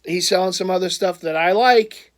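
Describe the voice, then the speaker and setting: A man telling a story in a casual vlog, rambling, stumbling over his words, laughing often and getting loud when frustrated. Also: sits high, moderate pace. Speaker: vlogger, jersey collector.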